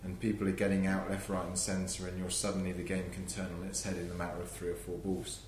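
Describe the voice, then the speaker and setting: A man co-hosting a casual chat, musing and trailing off quietly. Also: deep voice, completely flat delivery, quick pace, roomy sound, slight background noise, rough recording. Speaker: podcast co-host.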